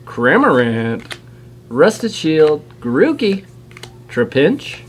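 A man's voice: fairly high pitch, animated, measured pace, slight background noise. A man hosting a casual unboxing video. He chats eagerly and reels off card names as he opens packs. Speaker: channel host opening trading card packs. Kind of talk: casual chat while unboxing.

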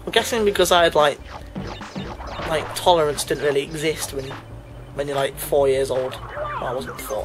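Chatty gamer shouting at a hard game. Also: mid-range voice, moderate pace, poor audio. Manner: chatty, frustrated outbursts at the game; self-mocking, laughs at himself. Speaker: let's play commentator. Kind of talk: casual gameplay commentary. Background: game music.

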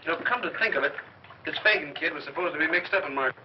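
A man's voice: a little high, quick pace, dull audio, noisy background, natural voice. An actor playing a cocky, dry-witted man in 1930s film style, on an old soundtrack. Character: cocky wisecracking man, sweet on heroine.

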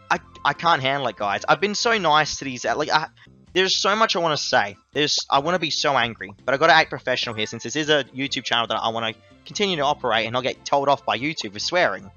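Young Aussie guy, bright and forceful, ranting app reviewer; slightly dull recording with faint music under it. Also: mid-range voice. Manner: exasperated, ranting, swings loud and excited.

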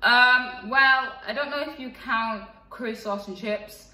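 A woman's voice: on the high side, unhurried, pushed and bright, far from the mic. A young woman in her twenties, chatting frankly in a casual vlog, with lots of fillers. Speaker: vlogger. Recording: echoey room, voice a bit off-mic.

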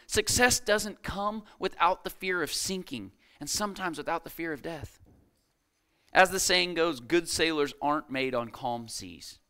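A man's voice: on the high side, sharp tone, clear, resonant tone. A man preaching a sermon as a guest speaker, emphatic, repeating key phrases and calling out to the congregation, reading scripture aloud with rising intensity. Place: church service.

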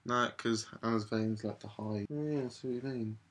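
A young woman from England chatting casually on a vlog, giggly and animated, acting out what people said. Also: a bass voice, moderate pace, slightly rough. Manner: giggly, animated storytelling with mock quoted voices. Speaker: vlogger. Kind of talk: casual chat.

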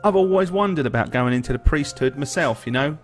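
A man's voice: mid-range voice, expressive, a little fast, faint music behind, close to an everyday voice. A man voicing a rowdy male dockhand who drinks eagerly, with a pushy, boisterous manner.

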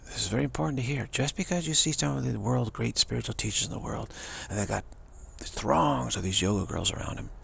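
Male spiritual teacher, heavy vocal fry, lowish voice; rambling, repetitive talk with a faint hiss underneath. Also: brisk, few pauses. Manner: repetitive, stammering restarts; mocking high voices for quoted people.

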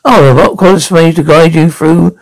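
A man's voice: a little high, fairly even intonation, brisk, gravelly, rough recording. A man playing a pompous, formal anger management counsellor in a TV comedy sketch, who talks in a stiff, defensive way.

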